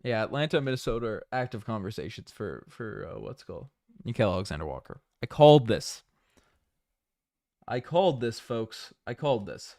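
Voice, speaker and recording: A man's voice: on the low side, animated, a little fast, vocal fry, darkish tone, dry recording, clean studio sound. A man from Newfoundland hosting a basketball livestream in casual chat, rambling and jokey, often repeating his own phrases. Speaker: basketball channel host.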